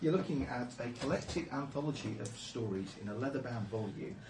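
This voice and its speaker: A man's voice: mid-range voice, animated, brisk. A man narrating a tabletop game as game master, in a wry, amused way. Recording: echoey room, mic far off, with noise.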